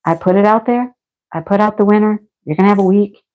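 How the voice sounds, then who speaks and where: Middle-aged woman, craft-stream host; casual rambling chat with lots of laughter, mid-pitched, dull lo-fi sound. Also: fast talker, darkish tone, faint music behind. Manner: chatty and rambling, laughs often, a little snarky. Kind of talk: casual livestream chat, answering viewer comments. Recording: dull lo-fi home stream audio.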